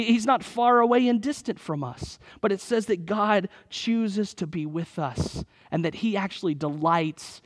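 High-voiced earnest male pastor. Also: in a large hall. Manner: earnest, conversational, repeats phrases. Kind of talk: sermon.

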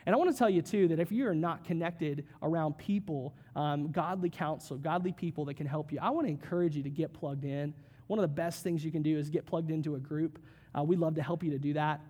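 A male pastor giving a conversational sermon, with joking asides and quick acted quotes. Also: fairly high pitch, dark tone, slightly rough.

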